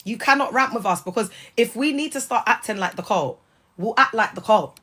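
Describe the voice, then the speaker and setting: A British woman hosting a casual livestream chat, talking in lively slang and laughing often. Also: fairly high pitch, a little fast. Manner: chatty and animated, laughs often, heavy slang. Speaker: livestream host.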